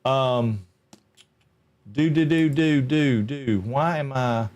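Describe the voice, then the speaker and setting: This is a middle-aged man hosting a relaxed game livestream. He rambles in an easygoing way. He greets his viewers by name as he chats. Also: mid-range voice, slow, lo-fi sound. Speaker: game streamer. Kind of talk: casual livestream chat.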